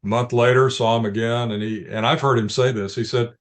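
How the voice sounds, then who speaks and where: A man being interviewed, calmly telling field stories in measured anecdotes with frequent restarts. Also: mid-range voice. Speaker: ministry leader guest. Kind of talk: interview storytelling.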